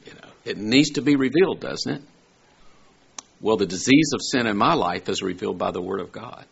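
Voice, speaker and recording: A man's voice: on the low side, expressive, fairly quick, vocal fry, slightly rough, highs cut off. A man preaching a sermon in a conversational way, full of rhetorical questions and everyday examples, rising to emphatic peaks.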